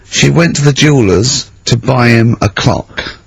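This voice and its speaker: Husky radio host, mocking. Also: male voice, medium pitch, unhurried, no echo. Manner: mocking, laughs often. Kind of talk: casual radio banter.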